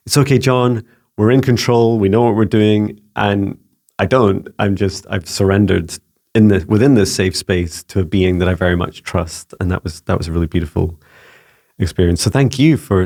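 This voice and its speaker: A man's voice: low voice, moderate pace, gravelly. A man and psychic mentor answering viewer questions in a rambling, casual way. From Scotland. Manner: warm-hearted, rambling, frequent restarts and fillers.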